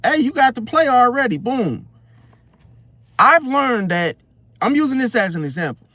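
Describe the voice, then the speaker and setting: A man hosting a casual astrology monologue, talking in an animated way and often asking his listeners "See?". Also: very high-pitched, normal speed, no room sound. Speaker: host.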